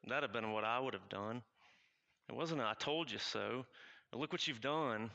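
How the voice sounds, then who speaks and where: A man playing a remorseful male apostle in a first-person dramatic monologue, confessional and halting. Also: medium pitch, vocal fry, sharp tone, highs cut off. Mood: reflective. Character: remorseful male apostle recounting his denial.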